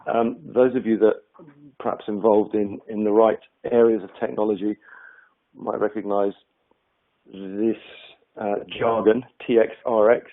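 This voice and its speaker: A man leads a webinar on communication, speaking in a relaxed, conversational way with plenty of hesitations and restarts. His voice sits fairly low. The sound is tinny and narrow, like a phone line. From United Kingdom. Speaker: trainer presenting a webinar. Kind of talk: webinar presentation.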